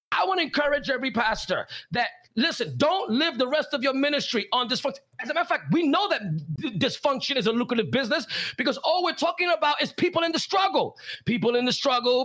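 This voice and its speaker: High-voiced man preaching with fire. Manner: impassioned, repeats "listen" and "watch this", bursts into shouts. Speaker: guest preacher. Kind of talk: fiery preaching on deliverance.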